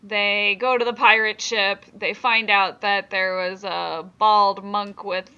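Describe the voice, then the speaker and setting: A woman's voice: medium pitch, little pitch movement, slow, pushed and bright, clean tone, highs cut off. A woman co-hosting a podcast, recapping episodes in casual, giggly chat full of ums. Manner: chatty, giggly, many ums. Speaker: podcast co-host.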